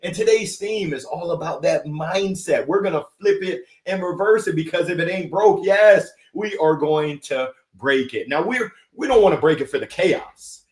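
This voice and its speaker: Man in his 40s, upbeat motivational host, hype delivery, a bit high-pitched, roomy echo. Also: moderate pace. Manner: energetic, hype, lively call-outs. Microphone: livestream setup.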